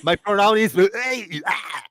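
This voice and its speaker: A man's voice: sits high, expressive, unhurried, fairly bright tone, no room sound, studio quality. A man hosting a casual live voice chat, ranting, swearing freely and often breaking into laughter, heard through an online call. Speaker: host.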